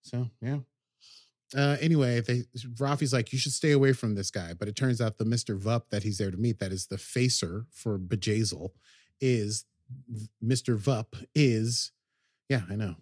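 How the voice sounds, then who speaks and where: A man's voice: lowish voice, measured pace, a little mellow, slightly rough, no echo, studio quality. A man hosting a podcast, recapping an episode in casual chat, rambling and hesitant with many ums and restarts. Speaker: podcast host.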